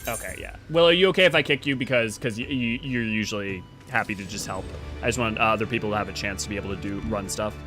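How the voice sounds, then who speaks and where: With music in the background, a man speaks at a quick pace in a fairly low pitch. He's hosting a game live stream, chatting loosely with viewers in a rambling way as he organizes a group.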